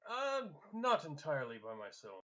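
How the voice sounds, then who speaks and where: A man's voice: fairly high pitch, huge pitch swings, moderate pace, pushed and bright. Hesitant man playing a tabletop game. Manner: hesitant, many fillers. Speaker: player. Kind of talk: tabletop role-play.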